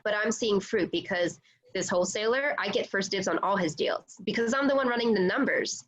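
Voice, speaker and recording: A woman's voice: medium pitch, fairly quick, poor audio. A woman working as a real estate agent, chatting casually on a video call, full of "like" and "you know".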